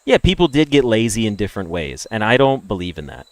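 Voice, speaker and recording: A man's voice: big pitch swings, fairly quick, dry recording. Ranting American man, dry sound. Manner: ranting, opinionated, swings between loud emphatic bursts and low mutters. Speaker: game streamer. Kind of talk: casual chat with stream viewers.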